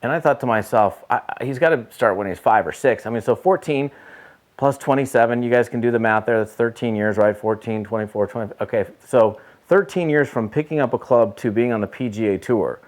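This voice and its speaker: A man's voice: medium pitch, brisk. A middle-aged man, a network marketing trainer, telling a story to camera in a casual motivational talk and repeating points for emphasis.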